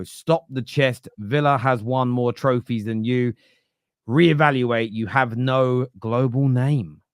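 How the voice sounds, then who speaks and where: A man's voice: mid-range voice, dry recording, studio quality. A man hosting a live football fan stream, joking and reading out viewer chat messages. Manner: jokey, reads chat messages aloud. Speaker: host.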